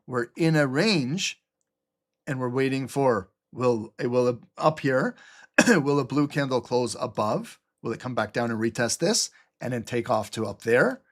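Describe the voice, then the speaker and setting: A middle-aged man hosting a live trading stream, blunt, sarcastic and profane, with typing heard behind him. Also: mid-range voice.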